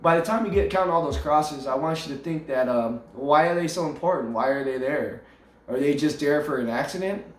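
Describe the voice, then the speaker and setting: A man speaks with earnest conviction in a casual testimony, tagging "man" onto nearly every phrase. His voice sits a little high for a man and he stumbles over repeated words. The sound is roomy and echoey, with faint music underneath. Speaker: storyteller sharing his faith.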